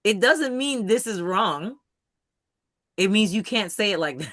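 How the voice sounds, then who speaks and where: Medium in pitch and a bit bright, the voice is animated but measured, with frequent pauses. It belongs to a host running a live video-call study session on a computer mic, speaking emphatically and often asking if everyone follows. The audio is clean studio sound with no room sound.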